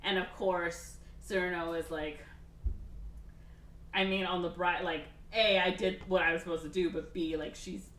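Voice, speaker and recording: A woman hosting a podcast, casually retelling a film's plot and acting out the characters in quick put-on voices. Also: on the low side. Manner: animated, acts out characters with quick voice shifts. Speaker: podcast host. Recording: echoey room, distant mic, faint hiss.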